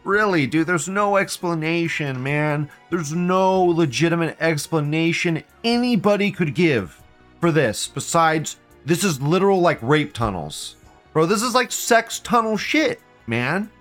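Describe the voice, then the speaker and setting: Male live-stream host, slightly high voice, swears constantly and rants in an agitated way, with faint music behind him. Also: lively intonation, unhurried, a bit bright. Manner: profane, agitated ranting with repeated questions. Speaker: livestream host. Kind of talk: live-stream rant reading chat.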